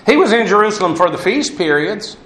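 A man's voice: sits high, very animated, brisk, fairly bright tone. A man giving a verse-by-verse Bible teaching, talking in a discursive way with many restarts and asides. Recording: roomy echo.

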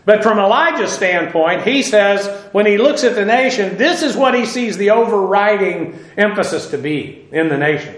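A man teaching a verse-by-verse Bible lecture in a conversational way, halting with fillers and restarts and dropping dry asides. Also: high voice, expressive, fairly bright tone, roomy sound, low-quality recording.

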